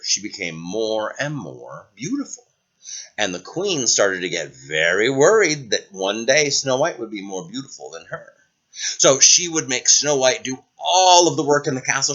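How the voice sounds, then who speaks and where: A man, a preschool teacher, telling a fairy tale to young children in an expressive storytelling manner. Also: medium pitch, muffled recording. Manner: animated and expressive.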